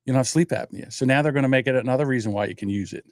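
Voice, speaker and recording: A man in his sixties chats casually as a livestream host, wandering from one story to the next and cursing freely. His voice sits at an everyday middle pitch. The sound is dry and close, with no room echo. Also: rapid-fire, a little mellow. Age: 60s. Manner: profane, rambling storyteller. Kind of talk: casual chat.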